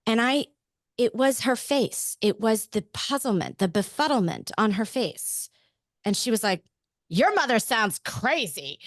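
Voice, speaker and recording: A woman's voice: fairly high pitch, animated, a little slow, no room sound, studio quality. Candid storytelling woman from Pennsylvania. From Pennsylvania, USA. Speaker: podcast guest. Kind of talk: casual interview storytelling.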